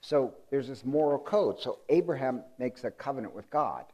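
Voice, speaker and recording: Male pastor, relaxed conversational preacher, amused storyteller with frequent ums. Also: mid-range voice, moderate pace, husky. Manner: chatty and amused, with many ums and uhs.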